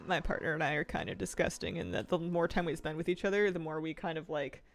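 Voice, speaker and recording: A woman's voice: deep voice, big pitch swings, fast talker, gravelly. A young woman chatting casually on a game stream, reading chat and laughing often between her comments. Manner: chatty, giggly, answers chat.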